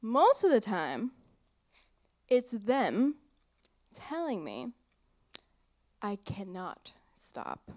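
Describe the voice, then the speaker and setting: A woman's voice: mid-range voice, huge pitch swings, very slow, pauses often, a little mellow. A young woman singer chatting casually in an on-stage interview in a small theater, giggly and rambling, losing her train of thought. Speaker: singer-songwriter guest.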